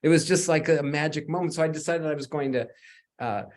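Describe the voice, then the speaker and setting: A man on an online design panel who tells a personal story in a relaxed way, acting out the lines of the people in it. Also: on the high side, brisk. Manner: relaxed storyteller, acts out quoted dialogue. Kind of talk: anecdotal storytelling in a panel talk. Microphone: video call.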